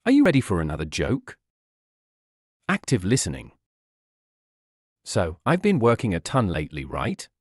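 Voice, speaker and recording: A man tells short jokes in a relaxed, conversational way, as if chatting with a friend. His voice is at an average pitch but leaps around a lot. The sound is dry and close. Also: normal speed, long pauses, dry recording. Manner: casual, conversational storytelling. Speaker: joke teller. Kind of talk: scripted joke narration.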